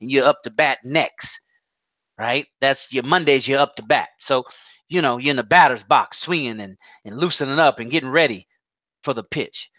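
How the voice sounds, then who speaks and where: A man's voice: mid-range voice, normal speed, sharp tone, no echo, muffled recording. A man hosting an online show, rambling and repeating words as he searches for them. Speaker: host.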